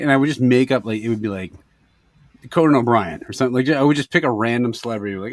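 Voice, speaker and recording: A man in his thirties co-hosting a casual podcast, relaxed and joking, with plenty of swearing. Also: fairly low pitch, quick pace, no echo. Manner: laid-back, swears and laughs often. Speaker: podcast co-host. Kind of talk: casual chat.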